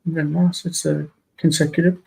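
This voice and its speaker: Tired, gravelly male Hebrew teacher. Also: on the high side, flat delivery, dark tone, rough recording. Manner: patient, explains slowly with many ums. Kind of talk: live-streamed language lesson.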